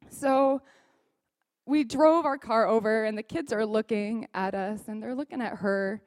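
A woman telling a personal testimony in a sermon, as a lively storyteller who acts out the dialogue. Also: fairly high pitch, measured pace, no room sound. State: briefly choked up. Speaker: speaker sharing a personal testimony.

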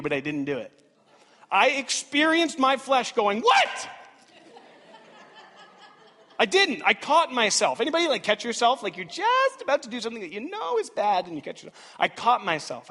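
A man in his thirties preaching a sermon as pastor, animated and dramatic, swinging between loud outbursts and hushed asides. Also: sits high, fairly quick. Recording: reverberant church hall.

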